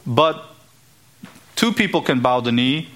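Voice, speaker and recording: A man's voice: medium pitch, lively intonation, slow pace, fairly bright tone. A man preaching an expository sermon in an earnest, emphatic way, now and then acting out the voices he quotes.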